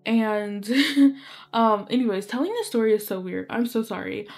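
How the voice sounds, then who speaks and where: A woman's voice: on the high side, expressive, a little slow, vocal fry, a little mellow. A young woman casually telling a story while playing, rambling with many fillers and apologetic asides. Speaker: gaming video creator.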